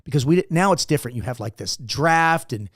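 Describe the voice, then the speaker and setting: A man's voice: a little high, animated, fairly quick, fairly bright tone, no room sound, studio quality. A man in his fifties, a former Navy SEAL guest, telling rambling, profane stories in a casual interview.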